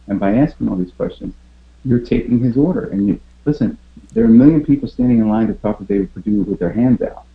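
A man's voice: medium pitch, fast talker. A man with a mid-range voice gives an emphatic motivational pep talk. He keeps firing rhetorical questions at his listeners and stammers over repeated words. The audio is slightly dull and lo-fi. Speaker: podcast host.

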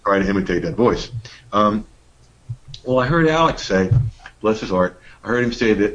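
A man's voice: lowish voice, expressive, moderate pace, long pauses, fairly bright tone, lo-fi sound. A middle-aged man co-hosting a workshop, talking in a casual, folksy way with playful emphasis. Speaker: workshop co-host. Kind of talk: casual teaching talk.

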